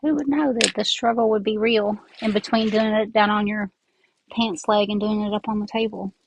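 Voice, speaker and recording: A woman with a Southern accent rambles casually while making a craft, working with her hands and sounding a bit congested from her sinuses. As the craft host, she speaks at normal speed in a mid-range voice with fairly even intonation. An earbud mic gives a rough recording with a little hiss or hum.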